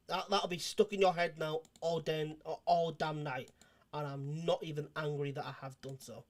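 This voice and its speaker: A man's voice: on the high side, fairly even intonation, normal speed. A man hosting a casual livestream, rambling and joking between restarts. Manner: rambling, restarts, jokey asides. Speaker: host.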